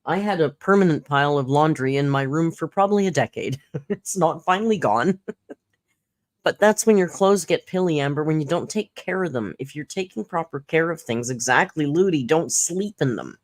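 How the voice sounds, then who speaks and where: A woman's voice: deep voice, expressive, normal speed. A woman hosting a live reaction stream, giving sarcastic commentary with swearing and laughter. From Canada.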